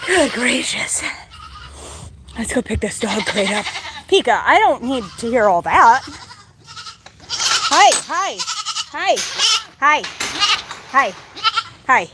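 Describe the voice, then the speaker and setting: Woman farm vlogger, high lively voice, sing-song coaxing, noisy outdoor farmyard. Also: a little slow, pauses often. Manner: chatty, coaxing, talks to animals in a sing-song voice. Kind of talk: casual talk to farm animals. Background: goats bleating.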